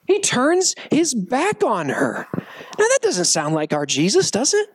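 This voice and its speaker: A man's voice: very high voice, a little slow, husky, no room sound. A man preaching a sermon to young people as their youth pastor, joking and acting out the people in the story. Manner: animated, joking, acts out quotes.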